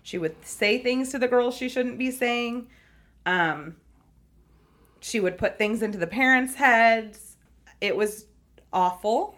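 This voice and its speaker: A woman talks earnestly about fostering in a relaxed interview. She is a teacher who speaks with conviction and feeling. Small laughs break into her telling. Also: on the high side, slow pace, pauses often. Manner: earnest, animated storytelling with frequent laughs. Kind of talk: conversational interview.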